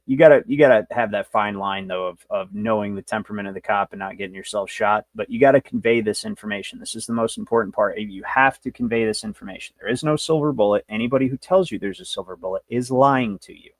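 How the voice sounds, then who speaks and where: A man's voice: lowish voice, no echo. A man hosting a livestream, lecturing in a brash, rambling, profane way. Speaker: show host.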